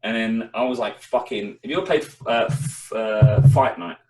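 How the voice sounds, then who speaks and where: Heard through a distant mic in an echoey room, this young man speaks at a moderate pace in a lowish voice. He's co-hosting a casual chat show and telling a story with lively delivery and plenty of swearing.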